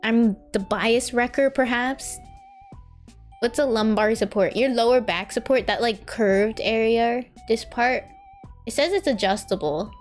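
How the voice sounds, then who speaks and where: A woman's voice: a little high, unhurried, soft background music. A young woman VTuber chatting casually on a live stream while she draws, rambling, laughing often and answering her chat.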